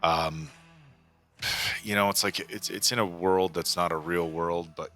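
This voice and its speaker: A man in his forties hosts a movie reaction, chatting casually and earnestly, full of fillers and restarts. His voice sits low with fairly even intonation, bright and forceful at a measured pace, with faint music behind him.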